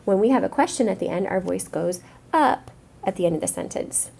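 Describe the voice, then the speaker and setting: A woman teacher explains a reading lesson to young students in a clear, encouraging classroom manner. Her medium-pitched voice is mellow, animated, and brisk.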